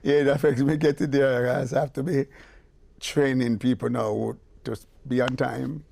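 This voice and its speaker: Older Jamaican male producer, casual raconteur, animated delivery. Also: medium pitch, normal speed, creaky. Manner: animated, acts out voices in anecdotes. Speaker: veteran reggae producer. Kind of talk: casual storytelling interview.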